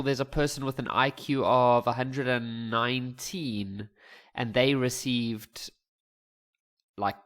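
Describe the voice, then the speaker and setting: A man talking through a maths exam paper in a relaxed, chatty way, thinking aloud and adding jokes. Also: medium pitch. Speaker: maths teacher. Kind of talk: casual explanatory lesson voice-over.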